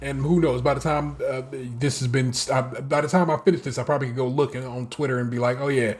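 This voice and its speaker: A man co-hosting a podcast in casual chat, talking in animated, profane bursts and mocking the people he talks about. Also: medium pitch, fast. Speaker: podcast co-host.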